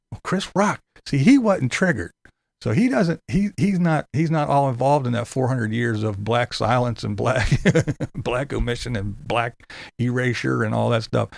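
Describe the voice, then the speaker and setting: A man's voice: medium pitch, gravelly, no echo. A man hosting a casual commentary show. He talks to his chat, swears freely and breaks into laughs often. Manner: profane, laughs often, incredulous.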